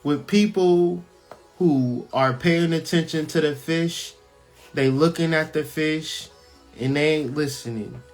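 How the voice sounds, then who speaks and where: A man's voice: on the high side, soft background music. A man hosting his own channel, giving blunt, profane spiritual commentary on a scripture reading, hammering points home with repetition. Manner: blunt, profane, preaching-style emphasis; repeats phrases for emphasis, slows on key words. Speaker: channel host.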